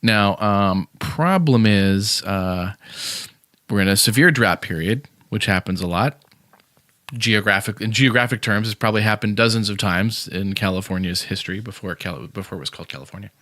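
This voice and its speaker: A man's voice: lowish voice, normal speed, sharp tone, dry recording, studio quality. A man hosting a podcast in casual, opinionated chat, blunt and sarcastic, with many fillers and restarts. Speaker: podcast host.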